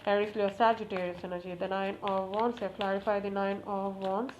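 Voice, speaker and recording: A woman giving a casual tarot reading to camera, talking to the cards, repeating requests and exclaiming with excitement. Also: mid-range voice, fairly quick. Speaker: tarot reader. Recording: slightly muffled, faint background noise.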